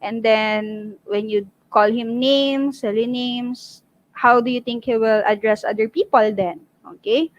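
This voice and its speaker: A woman's voice: fairly high pitch, fairly even intonation, measured pace, highs cut off. Filipino woman giving a parenting talk. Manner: frequent "okay?" check-ins, switching into Tagalog. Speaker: parenting seminar speaker.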